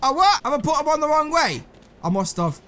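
A young gameplay commentator does casual let's-play commentary on a puzzle game in a very high-pitched, very animated, fairly quick voice. He talks to himself and the characters, swearing and mocking himself.

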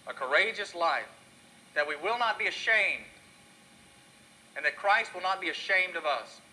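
A man's voice: sits high, expressive, moderate pace, pauses often, sharp tone, poor audio. A male pastor preaching a sermon in an earnest, storytelling delivery.

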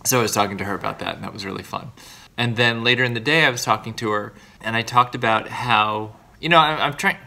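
Earnest, bright-voiced man rambling in a video diary. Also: medium pitch, fast talker, gravelly. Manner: earnest, rambling, self-deprecating. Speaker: vlogger.

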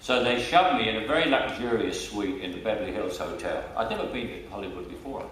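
An older man with a Cockney accent, a guest in a casual anecdotal interview, talks fast in a lowish, animated, fairly bright voice. He tells stories chattily, laughs frequently and repeats words as he restarts. The room is echoey, the mic distant, with a little hiss or hum.

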